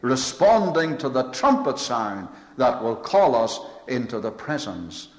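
A man's voice: medium pitch, very animated, a little slow. A man preaching a sermon with emphatic, repetitive phrasing and swelling rhetorical lists. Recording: echoey hall with long reverb.

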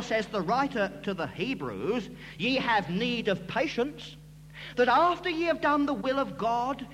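A man with a very high, lively voice preaches emphatically, swooping up and down as he presses each point home. His words ring out with a long reverb through a large hall. A faint hum sits underneath. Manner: emphatic, rising and falling delivery. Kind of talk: expository sermon.

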